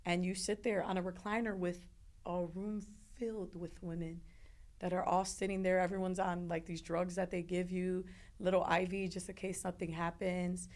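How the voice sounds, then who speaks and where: A woman's voice: on the low side, flat delivery, normal speed, darkish tone. Young woman, interview guest, earnest heartfelt storytelling, repeats words. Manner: earnest, repeats words, acts out others' voices. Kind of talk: emotional personal storytelling.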